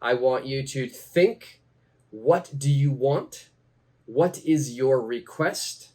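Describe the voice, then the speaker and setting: Slow, deliberate man teaching English. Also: mid-range voice, dark tone. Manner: repeats phrases slowly for learners.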